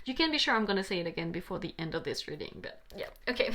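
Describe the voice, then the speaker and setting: A woman's voice: mid-range voice, very animated, fast talker, noisy background. A young adult woman giving a passionate tarot reading to camera, pleading and repeating herself eagerly. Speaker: tarot reader.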